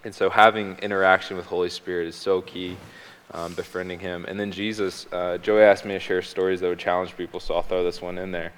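Guy w a deep monotone voice, smooth and clear, umming and restarting thru a faith story, big echoey hall. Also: fairly quick. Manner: hesitant, frequent ums and restarts. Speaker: guest. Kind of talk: personal faith testimony in conversation. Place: on a stage. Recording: long hall reverb.

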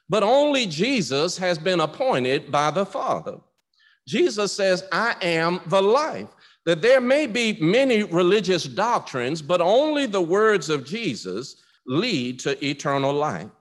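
A man's voice: sits high, long reverb tail. A male preacher giving a sermon in a conversational, emphatic manner, often repeating words as he starts a phrase.

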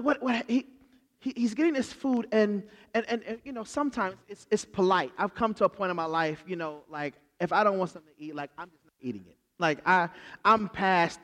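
High-voiced preacher guy telling the story casual style, doing the characters' lines, long echo like a big church. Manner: animated storytelling, acts out the characters. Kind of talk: sermon. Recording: long hall reverb.

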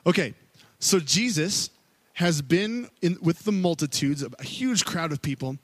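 Male worship pastor, higher register, relaxed conversational sermon delivery, dry close sound. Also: measured pace, no echo. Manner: casual and storytelling, with many fillers, acting out quotes.

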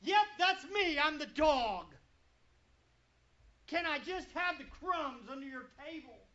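A pastor preaching a sermon to a congregation, full of rhetorical questions and swinging between loud and quiet. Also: high voice, animated, slow. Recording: dull lo-fi recording.

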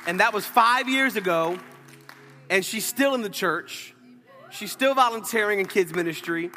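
A bright, high-pitched man preaches to his church, telling a story with playful asides. His voice rings out in a long-reverb sanctuary with faint music underneath. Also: normal speed, a faint crowd. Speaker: pastor. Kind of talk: sermon.

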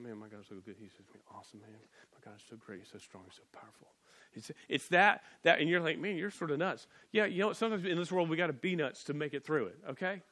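A man delivers a sermon as pastor, his voice pitched a little high. He talks in an earnest, animated way, often restarting words as he drives home each point.

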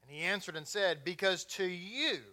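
Bright-voiced Texan man preaching. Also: high-pitched, animated, moderate pace. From Texas. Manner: conversational, joking asides. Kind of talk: sermon.

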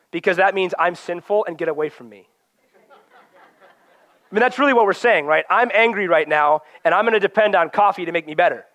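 A man's voice: high-pitched, brisk, long pauses, fairly bright tone, no echo. A man preaching a sermon in an earnest, conversational way, often acting out quoted voices and prayers.

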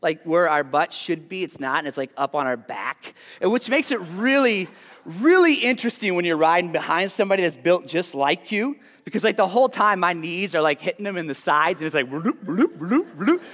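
A man giving a casual sermon to a live audience. He chats in an animated way with lots of "like" asides, then drops to a soft, hushed tone for earnest appeals. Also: high-pitched, brisk. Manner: chatty and animated, full of "like" asides. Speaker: youth speaker. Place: large hall with a live audience. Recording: long hall reverb.

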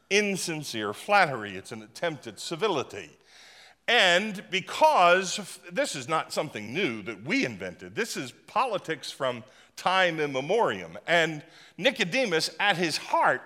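A man preaching a sermon as pastor, lively, humorous and emphatic. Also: fairly high pitch, normal speed, in a large hall.

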